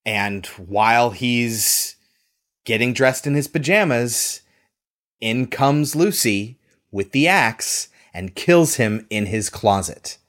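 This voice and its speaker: A man co-hosting a podcast, casually recapping a movie plot in an animated way, swearing now and then. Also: mid-range voice, takes it slowly. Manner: animated storytelling, swears, acts out lines. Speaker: podcast co-host.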